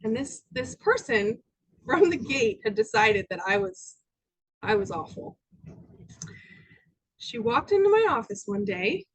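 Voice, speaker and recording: Lady minister giving a talk to her congregation, high voice w a husky edge, tells stories n does little voices. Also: rough recording. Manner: storytelling, acting out quoted voices, dropping to soft near-whispers. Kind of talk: spiritual talk with personal stories. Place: church sanctuary with audience.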